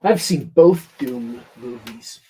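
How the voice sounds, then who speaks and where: A man's voice: mid-range voice, expressive, takes it slowly, warm tone, breathy edge. A man co-hosting a podcast, chatting casually with wry, joking asides. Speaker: podcast co-host. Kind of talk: casual chat.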